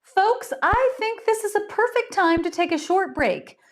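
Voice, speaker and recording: A woman's voice: very high-pitched, animated, a little slow, pitched above the performer's own voice. A woman voicing a cheerful, bustling female shop owner making announcements in a read-aloud story. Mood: chipper. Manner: bright, hostess-like announcing.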